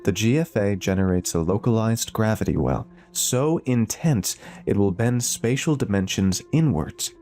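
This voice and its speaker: A man voicing a calm, precise female scientist in a spoken horror story. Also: on the low side, normal speed, faint music behind, lightly acted.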